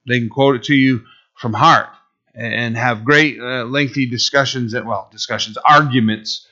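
A man's voice: medium pitch, fairly even intonation, normal speed, bright, forceful tone, muffled recording. A man preaching a sermon in a conversational way, sometimes acting out the voices of Bible figures. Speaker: pastor.

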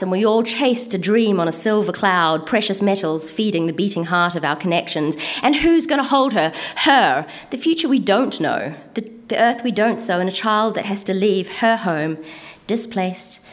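Antipodean woman performing spoken word poetry. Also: medium pitch. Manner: rhythmic, measured delivery with deliberate pauses; casual and hesitant between pieces, with ums. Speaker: poet reading her own work.

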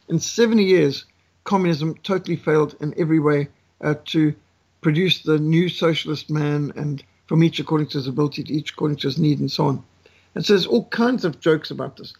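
A man's voice: a little high, vocal fry, husky. A man speaking as a guest who lectures with anecdotes and jokes, in an emphatic, repetitive, preacher-like cadence.

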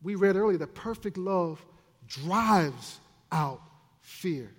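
A man minister preaching a sermon in an animated, playful way, with asides to the congregation. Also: high voice, takes it slowly, breathy edge. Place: church sanctuary. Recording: long church hall reverb.

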